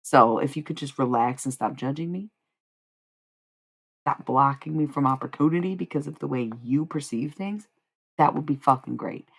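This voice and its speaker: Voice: mid-range voice, normal speed, vocal fry, a bit bright, husky. A tarot streamer talking casually on a live stream, profane, confrontational and rambling.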